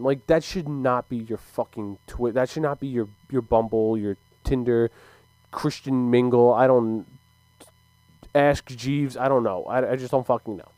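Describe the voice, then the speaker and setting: A man's voice: medium pitch, unhurried, warm tone, no echo, poor audio. A young man ranting casually to camera, heated and profane, with frequent stumbles and restarts. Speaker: sports commentator.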